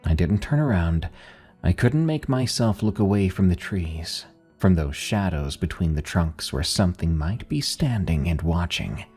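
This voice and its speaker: A man reading a first-person horror story in a slow, grave narration over faint music. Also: sits low, lively intonation, a little mellow, slightly rough.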